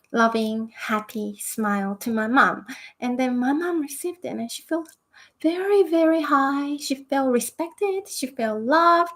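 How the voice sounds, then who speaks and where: A woman hosting a spiritual self-help monologue, talking hesitantly with many fillers. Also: on the high side. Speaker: spiritual talk host.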